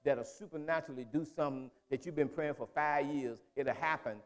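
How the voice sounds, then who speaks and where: Male pastor, high-pitched, conversational sermon. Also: fairly even intonation, fairly quick. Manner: repetitive, conversational preaching with restarts.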